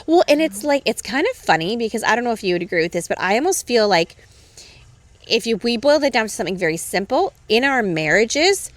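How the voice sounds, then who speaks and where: A woman's voice: on the high side, sing-song, brisk, no echo. A middle-aged woman co-hosting a podcast, chatting casually and backing up her partner with frequent agreement. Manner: supportive, frequent agreeing interjections. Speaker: podcast co-host. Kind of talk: casual chat.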